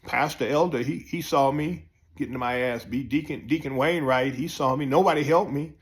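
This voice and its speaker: A man telling a profane comic story, jumping up high when excited. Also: moderate pace. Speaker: comedian storyteller. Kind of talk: comic monologue.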